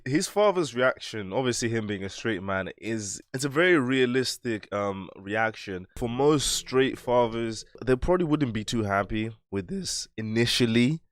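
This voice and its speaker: A man's voice: mid-range voice, no echo. A young man with a London accent giving laid-back, slangy reactions as host of a reaction video. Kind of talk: casual reaction commentary.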